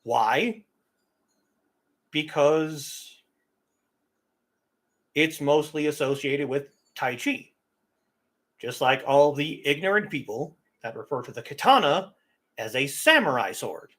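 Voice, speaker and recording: A man's voice: fairly high pitch, expressive, slow pace, pauses often, a bit bright. A man hosting a casual livestream, talking in an opinionated, emphatic way about getting pronunciation right. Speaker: livestream host.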